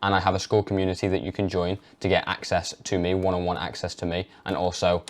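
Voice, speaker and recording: A man's voice: low-pitched, flat delivery, quick pace. A young man giving emphatic health advice straight to camera in a vlog. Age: young adult. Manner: emphatic, mocks hesitant speech. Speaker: health vlogger. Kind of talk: direct-to-camera advice monologue.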